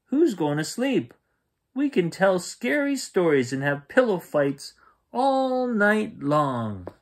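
A man's voice: sits high, very animated, takes it slowly, pitched above the performer's own voice, heavily acted. A man voicing a brash, bossy young boy in a storybook reading. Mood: excited.

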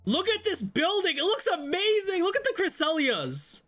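A man hosting a let's play, reacting excitably and laughing often in slangy casual commentary. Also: extremely high pitch, moderate pace, faint music behind. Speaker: gaming channel host.

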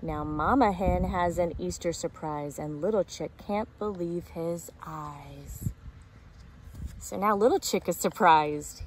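A woman teacher reading a picture book aloud to preschoolers, gently explaining and asking them questions. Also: fairly low pitch, slow, slight background noise. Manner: asks young listeners questions, explains gently.

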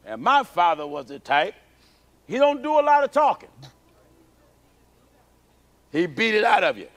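A man preaching a sermon as pastor, animated and storytelling. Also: measured pace. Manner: animated preaching, acts out childhood prayers in high cries.

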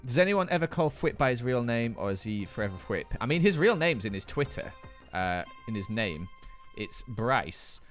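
A man's voice: medium pitch, big pitch swings, normal speed, hardly any pauses, soft background music. A British man hosting a live gaming stream, chatting playfully and reading viewer comments aloud. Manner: chatty, playful, jokey banter with chat.

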